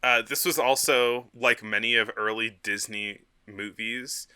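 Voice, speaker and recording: A man's voice: mid-range voice, fairly even intonation, unhurried, sharp tone, clear, resonant tone. A man co-hosting a film history podcast, talking casually with many fillers and frequent laughs. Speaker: podcast co-host.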